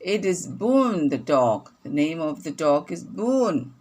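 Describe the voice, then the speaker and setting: A woman teacher reading a phonics lesson aloud to young children, repeating each sentence slowly and clearly. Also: low-pitched, very animated, darkish tone.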